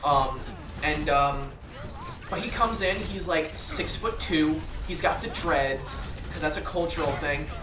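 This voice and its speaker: A man's voice: on the high side, lively intonation, measured pace, noisy background. Guy gaming and chatting, rambles on, roomy echo, sounds far from the mic. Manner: rambling, with many fillers and restarts. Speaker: gaming channel host. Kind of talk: casual chat while gaming.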